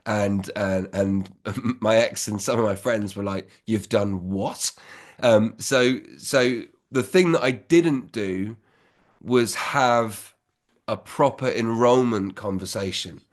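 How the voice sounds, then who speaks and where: A man's voice: fairly low pitch, takes it slowly. A man in his fifties, a business school founder giving candid, reflective advice in a casual, conversational way.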